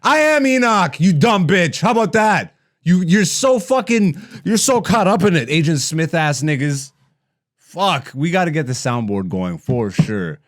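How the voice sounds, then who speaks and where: A man in his thirties hosting a comedy podcast, ranting with heavy profanity and mockery, dropping to low mutters and rising to loud animated bursts. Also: unhurried. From Ethiopian heritage.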